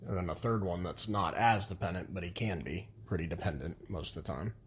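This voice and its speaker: Fairly quick and deep-voiced, this podcast co-host chats casually alongside his partner, rambling frankly with a bit of swearing. A little hiss or hum sits under the audio.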